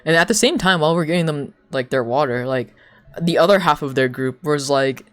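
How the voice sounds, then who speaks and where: A young adult livestreamer telling a long story to chat in a loose, casual way, full of "like", swearing and laughter, with quoted people acted out in sudden jumps of pitch. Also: brisk, clear, resonant tone, faint music behind. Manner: rambling, heavy use of "like", swears, laughs between lines.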